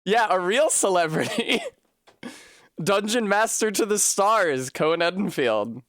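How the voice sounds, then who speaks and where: A man's voice: high voice, sing-song, takes it slowly, fairly bright tone, no room sound, studio quality. A man live-streaming from a room at home, chatting casually with his viewers, laughing often and swearing freely. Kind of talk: casual live-stream chat while gaming.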